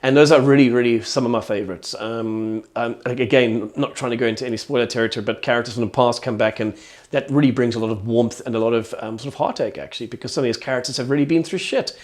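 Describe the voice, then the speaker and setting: Man, quick, enthusiastic, rambling show review, casual. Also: mid-range voice, darkish tone.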